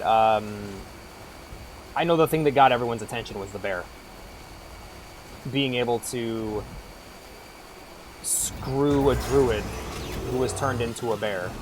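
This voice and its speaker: A man's voice: mid-range voice, slight background noise. A man streaming a game, chatting casually in a rambling, irreverent way and swearing freely. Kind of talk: casual gameplay chat.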